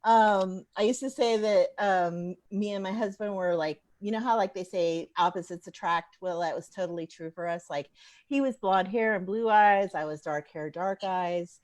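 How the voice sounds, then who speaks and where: A woman comedian in her forties doing a stand-up set, telling animated stories and laughing at her own jokes. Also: medium pitch, moderate pace. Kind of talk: stand-up set over a live stream. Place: home bar.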